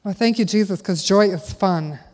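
A middle-aged woman preaching a sermon, telling a family story animatedly and acting out the voices of her children. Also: normal speed. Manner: animated, acts out quotes in a high child voice. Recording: long reverb of a large hall.

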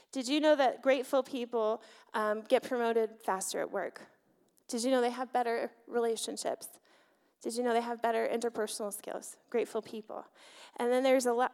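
A woman pastor giving an animated sermon, often asking the congregation questions. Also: a little high, clean tone. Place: church sanctuary. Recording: church hall reverb.

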